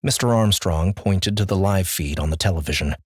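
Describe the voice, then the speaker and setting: A man narrating an audiobook in a measured, clear voice. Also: deep voice, no echo, studio quality. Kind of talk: scripted narration.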